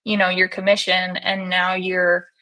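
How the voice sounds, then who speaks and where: A young woman, a realtor guest, talking in a relaxed, conversational way with hedging fillers. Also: fairly low pitch, a little slow. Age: young adult. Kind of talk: casual interview chat.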